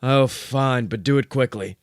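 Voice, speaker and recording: A man's voice: medium pitch, unhurried, no room sound, clean studio sound, lightly acted. A man voicing a small, hotheaded, foul-mouthed male corgi who barks between words. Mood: brash.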